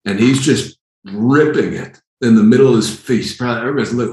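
A man with a lowish voice preaches a sermon, animated and fond of acting out the scenes he describes. The sound carries a noticeable room echo around him. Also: a little fast, few pauses. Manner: animated, acts out scenes with sudden shouted lines.

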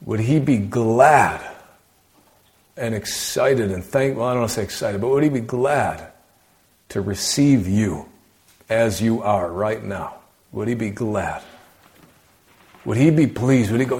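A man preaching a sermon in a conversational way, asking rhetorical questions and often dropping his voice low for emphasis. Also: expressive, normal speed, pauses often, darkish tone.

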